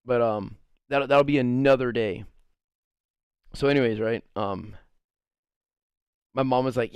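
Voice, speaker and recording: A man's voice: medium pitch, a little slow, pauses often, clear, resonant tone, no room sound, studio quality. A man streaming and casually telling a story to his chat, rambling with lots of fillers, cursing and laughing often.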